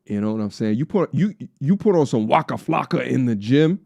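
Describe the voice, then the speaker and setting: Slangy Long Island man, lively streamer chat. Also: medium pitch, fairly quick, gravelly, hardly any pauses, no echo, studio quality. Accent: faint New York. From Long Island, New York. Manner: loose, joking, slangy, breaks into song. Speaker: streamer reacting to a video. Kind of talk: casual reaction-stream chat.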